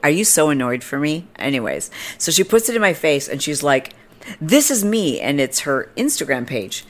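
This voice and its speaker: Woman in her 30s, low voice, podcast host, animated snarky storyteller. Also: normal speed. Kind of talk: casual storytelling.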